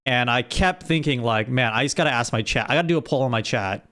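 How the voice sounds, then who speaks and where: A man's voice: medium pitch, fast talker, a bit bright. A man streaming live, chatting casually with his audience and often restarting his sentences. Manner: rambling, with frequent restarts.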